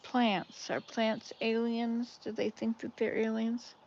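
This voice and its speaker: Slow-talking grandma vlogger, lo-fi sound. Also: female voice, fairly high pitch, little pitch movement, a little hiss or hum. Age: older. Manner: chatty, laughs loudly at punchlines. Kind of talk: casual chat telling jokes. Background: birdsong.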